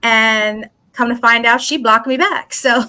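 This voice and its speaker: A woman with a bright, forceful, fairly high voice tells her story to an interviewer. She talks animatedly, acting out what others said in quoted bits and swearing freely. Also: fairly even intonation, measured pace. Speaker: psychic guest. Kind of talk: casual interview.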